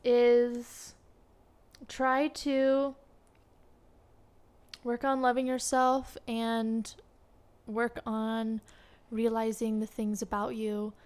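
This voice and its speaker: A woman in her twenties co-hosting a podcast, chatting casually in an animated, teasing way. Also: a little high, drawn-out words, pauses often, clear, resonant tone. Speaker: podcast co-host. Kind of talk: casual chat.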